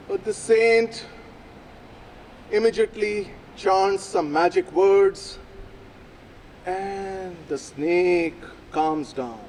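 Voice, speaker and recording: A man telling a folk story aloud at a live event, with slow, deliberate phrasing and dramatic pauses. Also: high-pitched, animated, darkish tone, slight background noise, rough recording. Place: outdoor public plaza.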